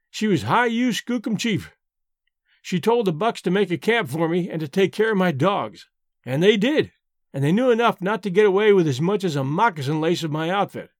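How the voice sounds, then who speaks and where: A man voices an old storyteller, earnest and a little solemn, reminiscing over his glass. The voice sits high for a man, recorded dry and close with no room around it. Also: no room sound. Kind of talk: audiobook reading.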